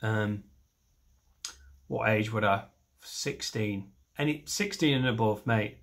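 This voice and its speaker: A man in his thirties doing a stand-up comedy set, rambling and self-mocking and jumping into loud voices for imagined scenes. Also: lowish voice, slow pace. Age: 30s. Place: comedy stage.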